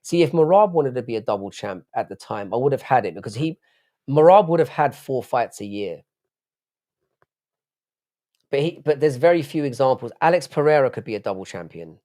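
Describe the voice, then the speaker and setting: A man's voice: mid-range voice, expressive, brisk, dark tone. Rambling, swearing male livestreamer. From United Kingdom. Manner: rambling, swears often, answers chat aloud. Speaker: live-stream host. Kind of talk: casual late-night live-stream chat.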